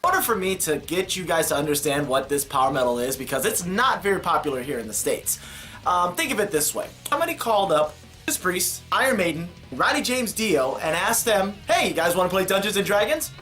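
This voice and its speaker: An enthusiastic man talks in a casual monologue to camera. His voice is lively and full of pitch swings, with a playful edge. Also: a little fast, soft background music. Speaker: vlogger.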